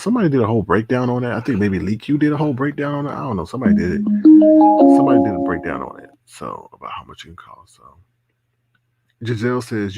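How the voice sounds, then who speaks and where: Gravelly, husky man chatting live. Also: on the low side, sing-song, brisk, warm tone, faint music behind. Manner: laughs often, repeats phrases. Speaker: livestream host. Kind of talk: casual live commentary reading chat.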